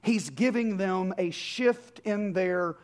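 A pastor delivers a sermon in a notably high male voice. He talks to the congregation conversationally and leans on rhetorical questions. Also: slow.

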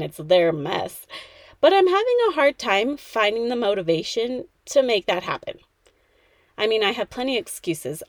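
A woman's voice: medium pitch, no room sound. Woman in her thirties, podcast host, peppy and chatty, dry close mic. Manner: peppy, chatty, talks straight to the listener. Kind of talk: motivational podcast monologue.

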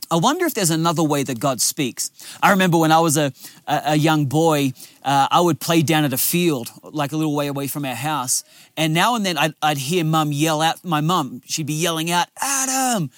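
A man's voice: a little high, normal speed, no echo, clean studio sound. A man, a lead pastor giving a sermon outdoors by a lake, in an earnest, conversational storytelling way.

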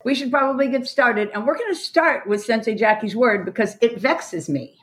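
A woman who teaches karate, hosting a casual group conversation on a podcast, enthusiastic and quick to laugh. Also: a little high, a bit bright. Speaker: karate instructor and podcast host.

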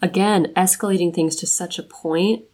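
Calm, analytical woman podcast co-host. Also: on the low side, normal speed. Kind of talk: casual podcast conversation.

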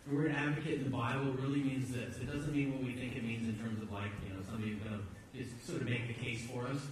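A man's voice: mid-range voice, fairly even intonation, fast talker, a little hiss or hum. A man preaching a sermon as pastor, in a conversational, emphatic way, often repeating words as he goes. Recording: echoey hall, distant mic.

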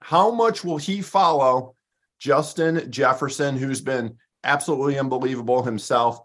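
A man's voice: medium pitch, moderate pace, a bit bright. A man co-hosting a sports show, reeling off stats in an upbeat, jokey way. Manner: stat-heavy, upbeat, jokey. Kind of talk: casual sports talk.

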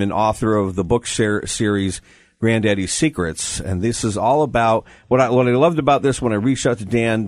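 A man's voice: fairly low pitch, no echo. A middle-aged American man hosting a radio talk show, steadily guiding an interview and reading out giveaways. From United States. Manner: steady, guiding, reads out promos.

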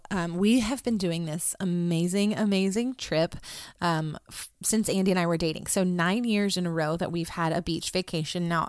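A woman's voice: on the low side, dry recording, clean studio sound. Earnest, chatty mother in her thirties. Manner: conversational and earnest, with many ums and repeats. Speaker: mother telling a family story. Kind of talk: reflective personal talk.

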